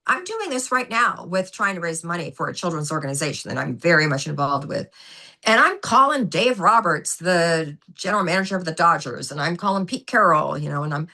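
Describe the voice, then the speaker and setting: Bright, animated woman telling stories. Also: on the low side, normal speed. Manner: animated, emphatic storyteller who acts out quotes. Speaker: guest, former gymnastics coach. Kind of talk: storytelling in a podcast interview.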